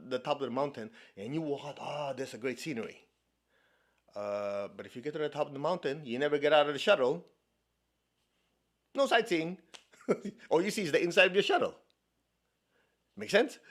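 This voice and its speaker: A man from China leads a spiritual talk as a meditation teacher, speaking conversationally and often asking if his listeners follow. His pitch swings widely, jumping high on jokes and dropping low and soft on key points. He laughs easily between his explanations. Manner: laughs often, playful asides.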